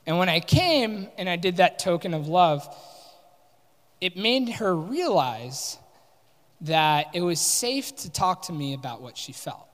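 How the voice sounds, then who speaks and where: Young man telling a story in a hall. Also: fairly high pitch. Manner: candid, animated storytelling with quoted dialogue. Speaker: workshop speaker. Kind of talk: personal story told to a live audience. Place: large conference hall. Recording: live talk with long hall reverb.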